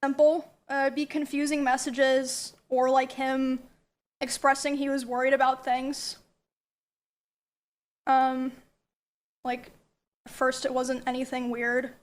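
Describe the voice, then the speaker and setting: A woman giving a recorded statement, speaking in a measured, halting way with frequent pauses and fillers. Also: high voice, level tone.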